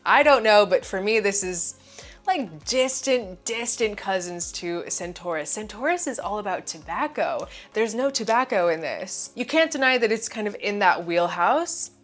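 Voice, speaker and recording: A woman hosting her own channel, giving an enthusiastic, chatty review of perfumes and often saying "like" as a filler. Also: lowish voice. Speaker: fragrance reviewer. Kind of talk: casual product review to camera.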